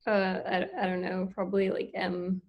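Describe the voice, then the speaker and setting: A woman's voice: fairly low pitch, monotone, moderate pace, dull audio. A woman podcast host trying a new skill, talking hesitantly in casual chat. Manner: hesitant, lots of fillers.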